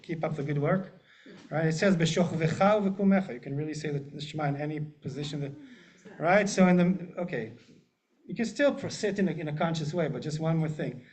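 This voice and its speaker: A man, a rabbi, teaching a group in a relaxed, joking way and often checking in with the room. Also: a little high, fairly quick. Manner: chatty, jokey, asks the group often. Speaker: rabbi leading a class. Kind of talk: casual teaching with humor. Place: synagogue classroom with a group. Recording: muffled lo-fi room recording.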